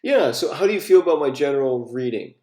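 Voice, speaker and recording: A man leading a poetry workshop in a casual way, asking questions and reading lines of verse quietly. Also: medium pitch, lively intonation, quick pace. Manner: inquisitive, reads verse softly. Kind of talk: casual critique and reading aloud. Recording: echoey room.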